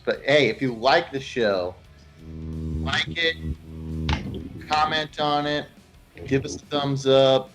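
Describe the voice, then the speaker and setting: A man hosting a casual sports podcast, telling joking stories and chatting with his co-host. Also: on the low side. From Los Angeles, California. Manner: joking storyteller, lively swings in loudness.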